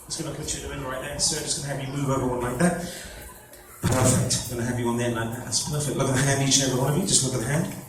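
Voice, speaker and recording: A stage hypnotist at a fair rattles off repetitive, coaxing commands to volunteers in playful show patter, his mid-range voice rapid-fire with fairly even intonation. He performs on stage before an audience, and the recording is echoey, distant and filled with crowd noise.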